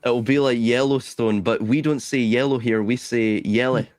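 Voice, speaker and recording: A man's voice: mid-range voice, fairly even intonation, normal speed, a little mellow, dry recording. A Scottish man hosting a casual stream chat, talking playfully about slang with frequent stumbles and restarts. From Scotland. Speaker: stream host.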